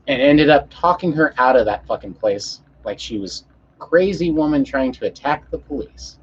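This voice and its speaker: Profane ranting man, husky lo-fi voice. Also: mid-range voice, lively intonation, moderate pace. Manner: profane, heated, acts out voices. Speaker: podcast storyteller. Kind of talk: casual storytelling rant. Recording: muffled lo-fi audio.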